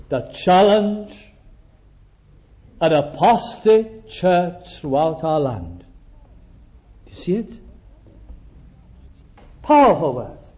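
An older man preaching a sermon, slowing down to stress key words and acting out small exchanges. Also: sits high, a little mellow. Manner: slows down for emphasis, acts out little dialogues. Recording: dull lo-fi recording.

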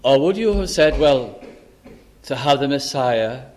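An older man preaching a sermon, earnest, lifting his voice for scripture and dropping low and soft to stress a point. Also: lively intonation, measured pace.

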